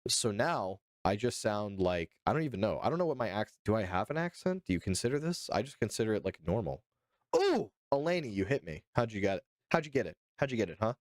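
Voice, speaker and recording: Lively, jokey low-voiced male streamer. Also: quick pace, no echo, clean studio sound. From Georgia, US. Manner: jokey, playfully indignant, addresses chat directly. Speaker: live streamer. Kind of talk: casual live-stream news reaction, chatting with viewers.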